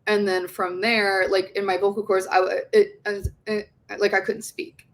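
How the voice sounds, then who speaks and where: A young woman in her twenties talks through a personal story as a podcast guest. She is loose and chatty, leans on "like" as a filler, and swears often. Her delivery is animated, and her pitch sits in a middle range for a woman. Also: moderate pace. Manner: heavy use of "like" fillers; frequent swearing. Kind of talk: casual conversational storytelling.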